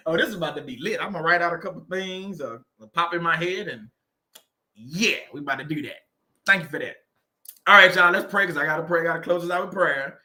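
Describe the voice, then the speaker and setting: A man's voice: high voice, pushed and bright. A man hosting a faith-based livestream, chatting casually with viewers and laughing and joking often.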